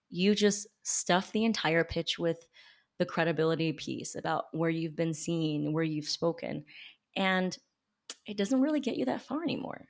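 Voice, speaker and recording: A woman coaching on public relations, casually critiquing examples with emphatic jumps in pitch and quiet, low asides. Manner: emphatic, with big pitch jumps when reacting. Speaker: small business PR coach and podcast host. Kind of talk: casual critique read to camera.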